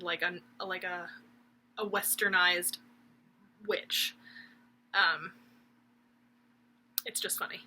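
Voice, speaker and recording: A woman's voice: medium pitch, bright, forceful tone, rough recording. A young woman, chatting casually and rambling with giggles about her stitching projects at home. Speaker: cross-stitch vlogger. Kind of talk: casual chat.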